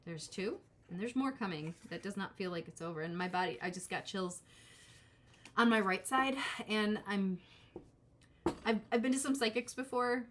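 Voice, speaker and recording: A woman's voice: medium pitch, moderate pace, fairly bright tone, slight background noise. A woman hosting a live tarot reading, chatting casually with viewers and drifting into self-deprecating asides. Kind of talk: casual live-stream chat.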